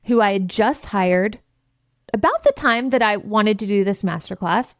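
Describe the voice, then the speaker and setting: A woman's voice: medium pitch, sing-song, normal speed, no echo, studio quality. A woman hosting a podcast who tells stories with lots of expression, swears freely and acts out conversations in different voices. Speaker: podcast host and business coach. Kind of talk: candid storytelling monologue.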